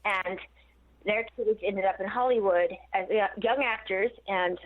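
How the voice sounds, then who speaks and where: A woman's voice: mid-range voice, measured pace. A woman in her forties, a guest on a phone interview, telling long digressive stories with laughs mixed in. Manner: rambling, digressive storytelling with laughs. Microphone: phone call. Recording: tinny phone line.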